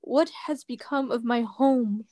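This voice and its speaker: A woman's voice: on the high side, a little slow, dark tone, no room sound. Woman player speaking in character. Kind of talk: in-character play.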